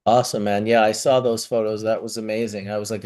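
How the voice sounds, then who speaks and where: A man's voice: fairly low pitch, flat delivery, quick pace, darkish tone. A man hosting a casual livestream, laid-back and slangy as he greets people joining. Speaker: livestream host. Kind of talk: casual stream chat.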